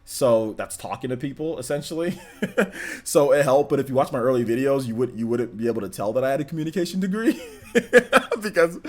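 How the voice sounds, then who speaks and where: A young man hosting a casual livestream, reading chat questions and answering in a relaxed, rambling way with many ums and likes. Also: fairly quick. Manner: lifts voice when animated, drops to flat low tone otherwise. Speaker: livestream host.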